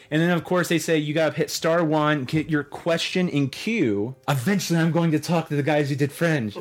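A man's voice: fairly high pitch, moderate pace, hardly any pauses. A man hosting a podcast, telling a story in a casual, rambling way, with the odd swear word. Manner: rambling, animated retelling with swearing. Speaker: podcast host.

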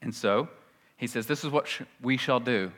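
Preaching in a mid-range voice at a moderate pace, this man is emphatic, shifting from booming declarations to hushed side remarks. Scripture readings carry a dramatic heaviness.

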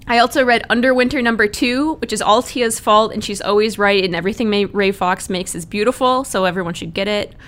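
A woman co-hosting a casual podcast chat, talking quickly and laughing often. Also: medium pitch, fairly bright tone. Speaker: podcast co-host. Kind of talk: casual chat about comics.

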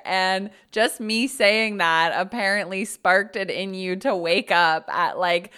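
A woman's voice: lowish voice, unhurried, a bit bright, clean tone. A woman who works as a business and marketing coach, chatting casually on a podcast in an upbeat way and often saying "like".

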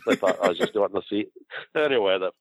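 A man's voice: fairly low pitch, fast talker, no echo. An older man telling rambling, profane stories from his wrestling career in a casual chat, laughing often. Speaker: guest recounting wrestling career. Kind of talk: casual storytelling. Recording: dull lo-fi dry recording.

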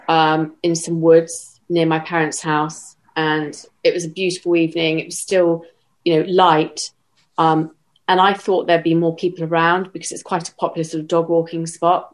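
Low voiced woman telling what happened to her, halting, steady, interview. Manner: measured, halting retelling with restarts. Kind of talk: personal account in an interview.

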